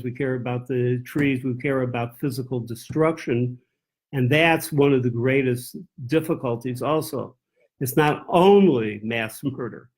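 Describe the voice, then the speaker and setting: A man's voice: medium pitch, darkish tone, slightly rough. A man teaching as a rabbi in a text-study class. He reads verses aloud in Hebrew, translates them and thinks aloud with restarts and self-corrections.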